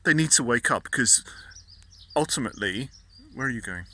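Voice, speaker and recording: A man's voice: medium pitch, lively intonation, brisk, pushed and bright. A man, ranting casually and indignantly, often stumbling and repeating words. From Britain. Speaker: vlogger. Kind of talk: casual political rant.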